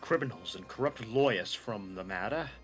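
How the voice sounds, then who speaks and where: A man voicing a stately Victorian British gentleman in a fan dub of a game, with a put-on British accent that drifts as he goes. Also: lowish voice, animated, faint music behind, natural voice. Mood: formal. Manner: measured, formal, theatrical.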